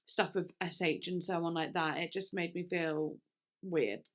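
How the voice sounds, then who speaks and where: A woman's voice: lowish voice, steady tone, measured pace. A young woman chatting casually in a music reaction video, thinking aloud with lots of fillers and restarts.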